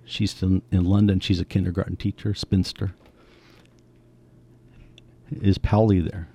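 A man in his seventies telling his family's story in a conversation, lively and acting out the voices of people he quotes. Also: sits low, unhurried, creaky, husky. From United States. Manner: animated, acts out quoted voices.

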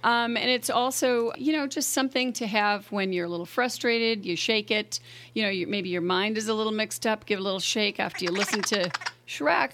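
A woman's voice: medium pitch, moderate pace, a bit bright, slight background noise. A woman from Boston with a Boston accent, a guest on a radio talk show with a wry, dry humor. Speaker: guest, town mayor. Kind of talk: casual radio interview.

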